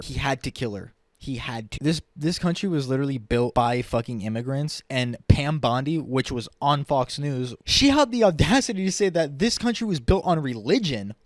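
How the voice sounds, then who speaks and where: Angry young man ranting, dry close sound. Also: no room sound. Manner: heated, profane, swings between shouting mockery and low weary muttering. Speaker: vlogger.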